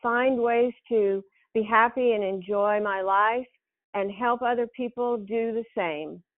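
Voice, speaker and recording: Soft-spoken woman on a tinny call line. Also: on the high side, unhurried. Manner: soft, gentle, laughs often. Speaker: author guest. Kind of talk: casual online meetup chat.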